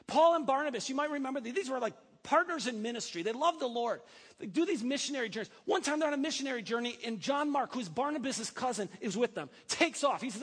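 A male pastor preaching a sermon in a church, animated and breaking in with joking asides. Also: extremely high pitch, quick pace, breathy edge. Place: church sanctuary. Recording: long hall reverb.

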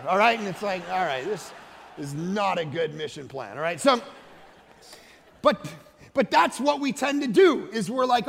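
Emphatic pastor in a reverberant hall. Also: male voice, high-pitched, normal speed, gravelly. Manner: emphatic and conversational, swinging between loud and hushed. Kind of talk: sermon. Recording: large hall with long reverb.

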